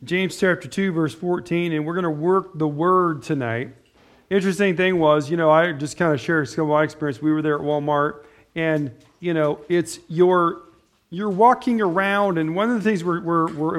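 A middle-aged male pastor gives a loose, story-driven sermon in a fairly high voice. He rambles conversationally, restarting sentences and tossing in asides as he talks to his congregation. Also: steady tone, normal speed.

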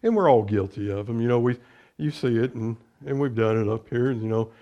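Middle-aged male pastor, mellow voice, sermon that swings between loud scripture and soft asides. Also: mid-range voice, fairly quick, highs cut off. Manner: preaching with loud rises on scripture, dropping to quiet conversational asides.

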